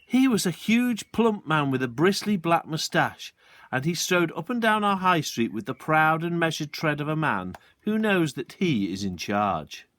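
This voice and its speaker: A man's voice: a little high, very animated, a little slow, fairly bright tone, dry recording. A male teacher reading a children's novel aloud expressively, shifting between character voices. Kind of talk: storybook read-aloud.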